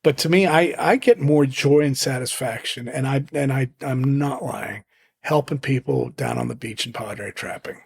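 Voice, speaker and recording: Man, gravelly, raspy, middle-aged, from Zimbabwe, chatty storyteller, lots of restarts. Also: medium pitch, normal speed. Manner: rambling, animated anecdotes with many restarts. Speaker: podcast guest, falconer. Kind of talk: casual storytelling interview.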